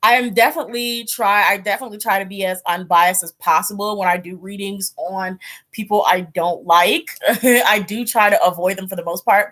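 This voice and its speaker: A woman's voice: on the low side, fairly bright tone. A woman hosting a tarot channel, rambling in casual livestream chat, with fillers, laughs and acted-out reactions. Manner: acts out her own reactions in quoted voices. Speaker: tarot reader hosting a live stream.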